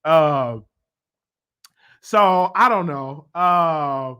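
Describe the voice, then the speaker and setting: A man with a Southern US accent hosting a show, rambling excitedly in a casual monologue that swings into loud emotional outbursts. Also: fairly high pitch, extremely slow, smooth. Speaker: show host.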